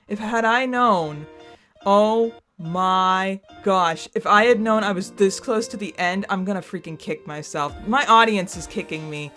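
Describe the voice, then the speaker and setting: Young female let's-play host, exasperated and rambling, drawn-out delivery, soft music bed. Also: mid-range voice. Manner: exasperated, self-scolding outbursts and rambling theorizing. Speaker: gaming YouTuber playing through a game.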